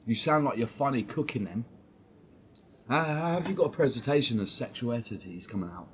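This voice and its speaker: A man's voice: mid-range voice, lively intonation, a little fast, lo-fi sound, slight background noise. A man, talking on a live stream in a blunt, slangy way and swearing freely. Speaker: football fan streamer.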